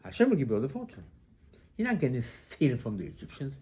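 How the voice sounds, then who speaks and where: A male rabbi preaching an animated sermon, firing rhetorical questions and acting out quoted lines. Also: mid-range voice, fast.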